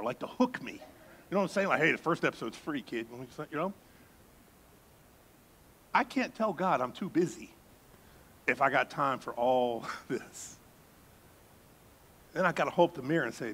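A male pastor preaching a sermon in an animated way, with joking asides and bursts of emphasis. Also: medium pitch, husky.

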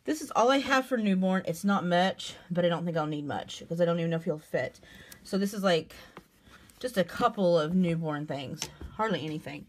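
A young woman talks into a handheld phone in a room at home, a little out of breath and pausing often with "um" and "uh". Her voice sits somewhat low and she chats in a loose, rambling way. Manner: chatty, halting with many fillers. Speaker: vlogger. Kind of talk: casual vlog chat. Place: nursery at home, indoors. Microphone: phone held while walking.

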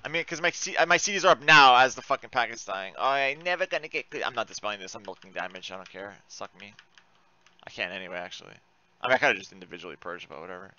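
A man giving live commentary while playing an online game, cursing often and swinging between frantic outbursts and low muttering. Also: fast, pushed and bright, lo-fi sound. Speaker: gaming streamer.

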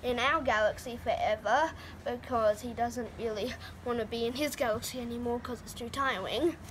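High-voiced rambling woman. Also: fairly even intonation, normal speed, background noise. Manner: rambling, with fillers and restarts. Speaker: narrator of a toy show. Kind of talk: casual toy-play storytelling.

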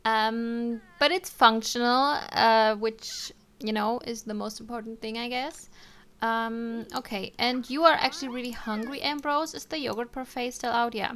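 A woman's voice: a little high, steady tone, unhurried, few pauses, a bit bright. A young woman casually commenting on her life-simulation game, chatting to her characters with frequent ums and little laughs. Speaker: let's play streamer.

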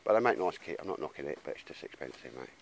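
A man's voice: very deep voice, very animated, racing, creaky, slight background noise. A man vlogging to a handheld camera in the woods, blokey and rambling, calling people mate. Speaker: outdoor gear vlogger. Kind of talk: casual chat to camera in the woods. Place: woodland outdoors.

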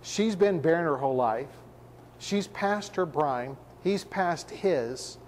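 Emphatic higher-voiced male preacher. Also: expressive, in a large hall, slight background noise. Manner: emphatic, rapid-fire rhetorical questions. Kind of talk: sermon.

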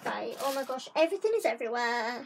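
A woman's voice: fairly high pitch, animated, fast talker, gravelly, background noise. A young woman chatting in a casual haul vlog from her bedroom, gushing and talking straight to her viewers. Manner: gushing, chatty, keeps saying guys. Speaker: vlogger. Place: bedroom at home.

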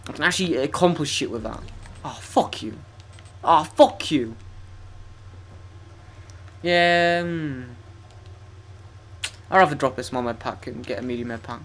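A man's voice: on the high side, moderate pace, pauses often, fairly bright tone. Foul-mouthed young man gaming. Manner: profane, sarcastic and self-mocking. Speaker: let's play gamer. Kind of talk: gameplay commentary.

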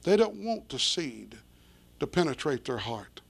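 A man's voice: mid-range voice, sing-song, unhurried, vocal fry. A man preaching a sermon, reading scripture aloud and explaining it plainly to his listeners. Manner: reads scripture in old-fashioned wording, then explains it plainly to listeners; addresses listeners directly as folks.

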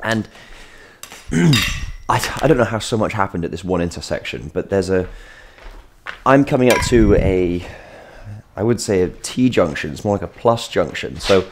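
A man's voice: deep voice, lively intonation, normal speed, long pauses, noisy background. A man telling a long, rambling anecdote in a casual vlog, full of self-deprecating jokes and asides. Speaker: vlogger.

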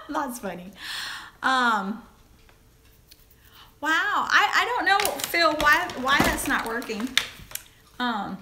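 A woman hosts a relaxed live stream, reading out viewer comments and unboxing little toys. Her voice is high and bright and swoops up and down, full of giggles and delighted gasps. A faint background hiss sits under her talk. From Southern United States. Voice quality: giggly, exclamatory, high and animated. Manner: reads viewer comments aloud, gasps and squeals over small toys. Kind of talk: casual live chat while unboxing toys.

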